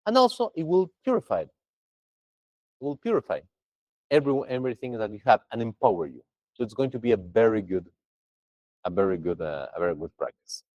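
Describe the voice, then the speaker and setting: A man's voice: fairly low pitch, fairly quick, pauses often, dry recording, lo-fi sound. A man teaching a Buddhist practice to a group over a video call, chatty and full of restarts. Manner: lively, chatty, with many restarts.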